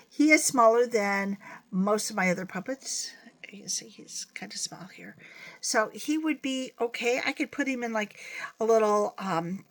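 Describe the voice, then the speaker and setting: A woman's voice: medium pitch, pushed and bright. A woman giving a chatty, playful puppetry lesson, demonstrating with a puppet as she talks. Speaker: puppetry teacher. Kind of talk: video lesson.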